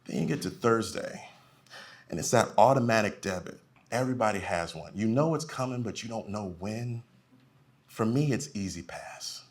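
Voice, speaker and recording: A man performing a live stand-up comedy set on a club stage, swinging between loud punchlines and quiet muttered asides. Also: on the low side, expressive, moderate pace.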